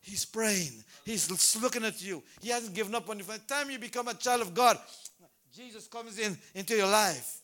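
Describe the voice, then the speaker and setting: High, bright-voiced preacher. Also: male voice, normal speed. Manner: animated, repeats names, bursts into shouts. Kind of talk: sermon. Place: church service.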